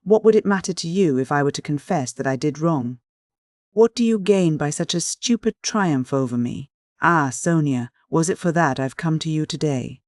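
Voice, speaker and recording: A reader gives us a tormented young man pouring out a confession in anguish. The voice sits at a middle pitch, rising in despair. It is recorded close and dry, with no room sound. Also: lively intonation, normal speed, darkish tone, no room sound, lightly acted. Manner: pleading, despairing dialogue. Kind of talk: audiobook character dialogue.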